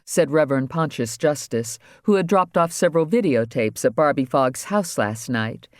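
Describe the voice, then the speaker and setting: A man's voice: fairly high pitch, lively intonation, normal speed, hardly any pauses, no room sound, studio quality. Man narrating a crime audiobook. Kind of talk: scripted narration.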